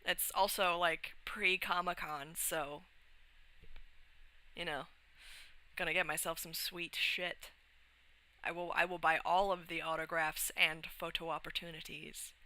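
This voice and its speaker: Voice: mid-range voice, flat delivery, unhurried, long pauses, pushed and bright, rough recording. A young adult livestreamer chatting casually and rambling, with frequent restarts, swearing and laughs. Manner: laughs often while talking.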